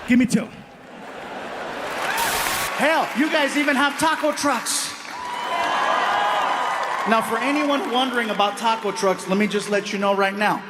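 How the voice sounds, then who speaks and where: High-voiced stand-up comedian, live. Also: male voice, moderate pace, long pauses, in a large hall, a loud crowd. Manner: storytelling, animated, slips into voices. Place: on stage before a live audience. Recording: noisy live comedy club recording.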